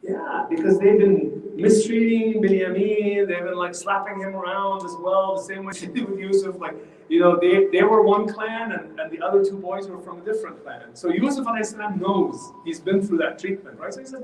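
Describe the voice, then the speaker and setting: A man teaching a religious lesson in a mosque hall, animated and quizzing his class, heard from far off. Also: sits high, normal speed, slight background noise. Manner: animated, asks the class questions.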